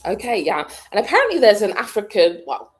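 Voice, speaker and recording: A woman's voice: mid-range voice, big pitch swings, brisk. A British woman in casual chat, answering viewers' questions with frequent laughs as she thinks aloud. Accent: British English. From United Kingdom. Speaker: vlogger answering a live chat.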